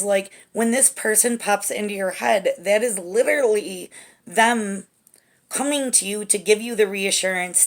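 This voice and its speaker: A woman giving a spiritual tarot reading to camera, gentle and reassuring, often checking in with "okay?". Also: mid-range voice. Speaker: tarot reader.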